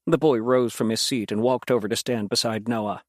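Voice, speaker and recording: A man narrates a fantasy audiobook with expressive storytelling. His voice is mid-range and his pace moderate, in a dry, studio-quality recording.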